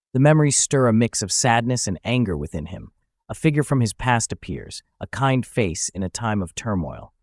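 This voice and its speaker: A man narrating a comic recap in a lowish voice. He tells it with lively, rising and falling pitch. The sound is dry and close to the mic. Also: no room sound.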